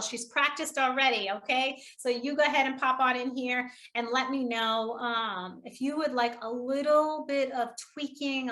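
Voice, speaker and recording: A woman's voice: high-pitched, fairly bright tone. A woman leading a live online public speaking workshop, upbeat and encouraging, laughing often with participants. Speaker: public speaking trainer hosting a webinar.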